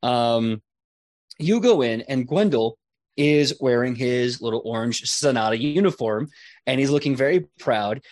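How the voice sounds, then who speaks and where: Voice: mid-range voice, a little slow, a little mellow, no room sound. Game master, rambling narration, filler-heavy, dry close sound. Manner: loose, rambling description with many fillers.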